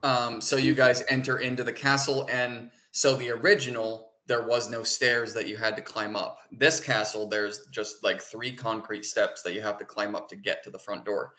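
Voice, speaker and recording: A man's voice: medium pitch, little pitch movement, normal speed, few pauses, sharp tone. Rambling man narrating as game master. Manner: rambling, many fillers and restarts. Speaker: dungeon master.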